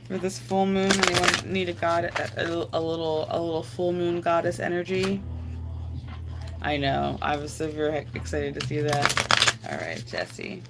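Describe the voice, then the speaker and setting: A woman with a low voice and a gravelly, creaky edge chats loosely to her live-stream viewers and answers their comments as they come in. She rambles a bit as she talks. A steady hiss of noise sits under the recording. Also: unhurried. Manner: rambling, chatty, answers chat comments aloud.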